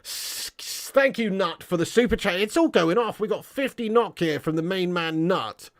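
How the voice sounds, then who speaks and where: A man's voice: sits high, expressive, normal speed. A man hosting a football livestream, chatting casually, joking and laughing with British slang as he reads viewer messages. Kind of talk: casual livestream chat reading super chats.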